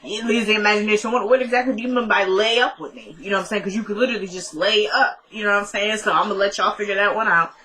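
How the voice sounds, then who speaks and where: A young woman casually recapping a TV episode, telling it as an animated story and often laughing. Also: medium pitch, very fast, few pauses, poor audio.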